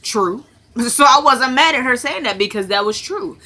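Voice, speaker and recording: A woman's voice: high-pitched, animated, moderate pace, sharp tone. A woman chatting casually into her phone camera in her living room, recapping a TV episode and acting out the characters' lines. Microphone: phone camera propped on something.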